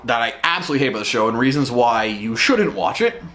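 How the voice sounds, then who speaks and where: A man's voice: medium pitch, sing-song, fast, pushed and bright. A man hosting a show-review vlog, ranting in an exasperated, profane way.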